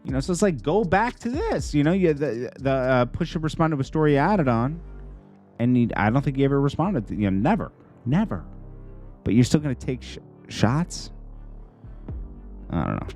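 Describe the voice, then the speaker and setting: A man casually breaking down a rap diss track, rambling with lots of fillers and pitched-up mock quotes. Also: animated, moderate pace, pauses often, a little mellow, soft background music. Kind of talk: casual reaction commentary.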